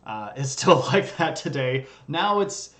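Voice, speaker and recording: A man's voice: medium pitch, big pitch swings, slow, fairly bright tone. Joking man giving a casual history lecture. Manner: jokey and conversational, bantering with chat. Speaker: history streamer. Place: streaming setup.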